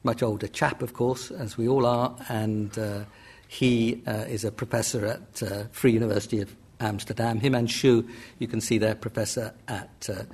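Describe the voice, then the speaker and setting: Gravelly older man lecturing with hesitant fillers. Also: on the low side, steady tone, normal speed, a little mellow. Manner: rambling, hesitant, with many fillers and self-corrections. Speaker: economics lecturer. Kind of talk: academic lecture with slides.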